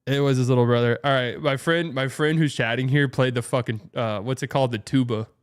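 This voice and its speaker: A man's voice: medium pitch, steady tone, a little fast, smooth. A young man hosting a casual livestream, rambling through a story, laughing often and swearing. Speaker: streamer and show host.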